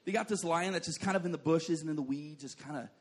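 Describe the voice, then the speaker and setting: A male pastor with a notably high-pitched voice, preaching in a loose, joking way. He tells stories, fills them with "like", and keeps turning to the congregation with quick asides. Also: breathy edge. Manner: says "like" often and calls for responses. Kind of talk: sermon.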